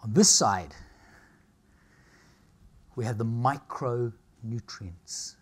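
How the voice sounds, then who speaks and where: A man's voice: medium pitch, drawn-out words, husky. A middle-aged man, giving a cheeky, joking lecture on nutrition to a live audience. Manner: cheeky, jokey, animated storytelling.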